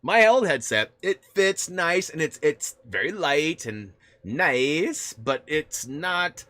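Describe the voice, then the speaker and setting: A man's voice: fairly high pitch, sing-song, slow, bright, forceful tone. A man hosting a casual live stream on a gaming headset, rambling with many restarts, laughing often and answering viewer chat.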